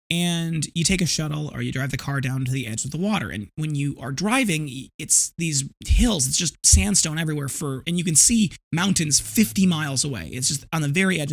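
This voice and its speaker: A man in his thirties talks through a casual solo podcast episode. His voice sits fairly high. He rambles in a reflective way and restarts his sentences often. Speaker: podcast host.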